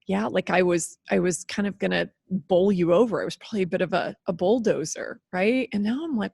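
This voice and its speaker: A woman's voice: medium pitch, a little fast, creaky, breathy edge, dry recording, studio quality. Candid fifty-something woman podcast host. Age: 50s. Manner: candid, animated, laughs and swears freely. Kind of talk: solo podcast monologue.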